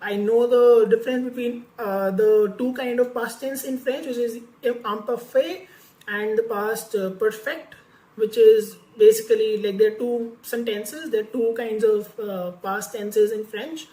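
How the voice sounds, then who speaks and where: A woman's voice: fairly high pitch, steady tone, unhurried, mellow, reverberant, low-quality recording. A woman vlogger telling a candid personal story about learning French, talking casually with many fillers and restarts.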